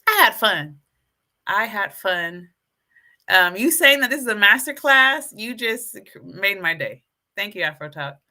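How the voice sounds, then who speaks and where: Her voice is mid-range and unhurried as she hosts a relaxed YouTube live stream. She calls viewers folks, preaches with animation, and keeps building her own excitement.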